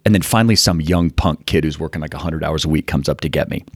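A man in his fifties from Utah, telling animated stories as a guest in an interview and acting out the people in them. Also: rumbling low, fast, husky, no room sound. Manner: animated, acts out quotes in the story. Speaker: guest, fund manager. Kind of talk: storytelling interview.

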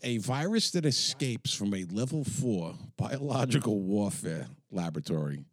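A man's voice: fairly low pitch, moderate pace, no echo, clean studio sound. A man, a retired police officer telling stories bluntly in a casual chat. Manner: blunt, animated storytelling.

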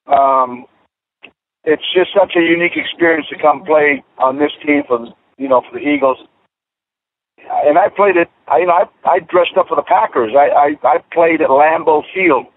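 A man in his fifties, a former football player, telling stories in a casual radio interview, animated and full of restarts. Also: on the high side, moderate pace, slight background noise. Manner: animated, many restarts and fillers. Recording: tinny phone-line radio audio.

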